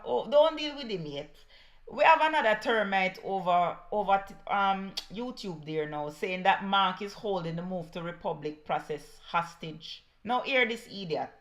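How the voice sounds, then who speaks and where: A woman's voice: medium pitch, a bit bright. A woman with a Jamaican accent giving heated political commentary, scornful and mixing patois with English.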